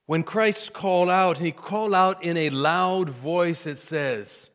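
A man's voice: fairly high pitch, slow pace. Dramatic preacher man in a reverberant hall. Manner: dramatic, swinging from hushed to loud. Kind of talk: sermon.

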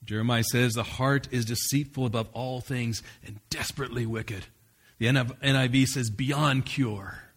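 A man's voice: medium pitch, steady tone, normal speed, slightly rough. A man, the pastor, preaching a sermon in an earnest, emphatic way, restarting phrases now and then.

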